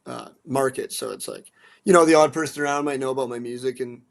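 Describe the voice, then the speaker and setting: A man from central Alberta talking casually as a guest, animated and blunt, swearing now and then, restarting and repeating words. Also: mid-range voice, quick pace, vocal fry. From central Alberta, Canada. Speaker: guest, musician and dog rescue advocate. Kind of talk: casual storytelling.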